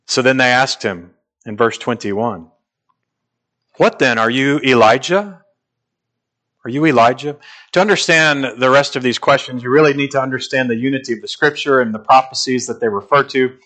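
A man preaching an expository sermon, emphatic and slowing down to stress key phrases. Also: medium pitch, sharp tone.

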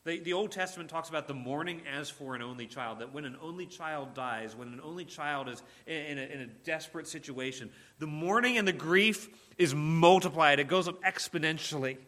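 A man delivers a sermon in a bright, forceful voice pitched a little high. He speaks earnestly and with emphasis, often repeating words and restarting phrases. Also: a little fast, hardly any pauses. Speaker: preacher.

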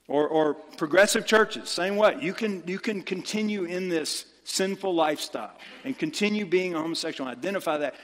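A man's voice: high voice, expressive, fairly quick, few pauses, a bit bright, long reverb tail. A man preaching a sermon as pastor, impassioned and emphatic, repeating phrases to drive his point home.

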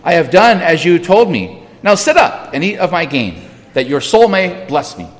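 A man voicing a young son who makes plain, steady assertions, heard with a long hall reverb. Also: sits high, normal speed. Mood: earnest.

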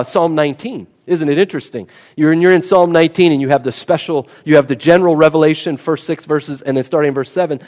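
A man's voice: a little high, a little mellow. A man preaching an expository sermon, emphatic and teaching, often repeating key words for weight. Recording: long hall reverb.

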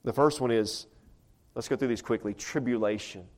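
In front of a church congregation, a man serving as pastor gives a sermon at normal speed with a medium-pitched voice. His manner is chatty and conversational, and he regularly asks rhetorical questions.

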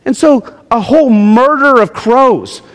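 A male pastor preaching a lively, jokey sermon in a church, swinging between loud and hushed. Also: very high-pitched, unhurried, in a large hall. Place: church sanctuary.

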